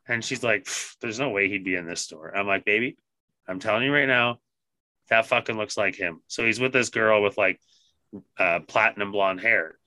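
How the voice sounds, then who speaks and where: A man on a podcast telling a story casually, swearing constantly and animated in his retelling. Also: lowish voice, normal speed, no echo. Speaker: podcast co-host.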